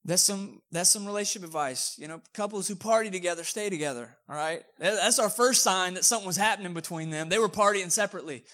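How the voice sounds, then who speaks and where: A man's voice: high-pitched, quick pace, few pauses, a bit bright. A man preaching a sermon in a casual, joking, conversational way. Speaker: pastor.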